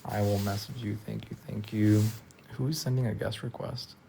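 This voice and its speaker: A tired man talking casually on a live stream from a friend's house, soft-spoken and trailing off with lots of fillers. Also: on the low side, steady tone, normal speed, gravelly, a little hiss or hum. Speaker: livestreamer.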